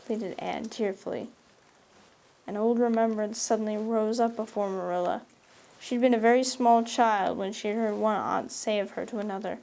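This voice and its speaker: Mellow woman narrating a classic novel. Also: medium pitch, fairly even intonation, moderate pace, creaky, a little hiss or hum. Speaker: audiobook narrator. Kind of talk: scripted narration.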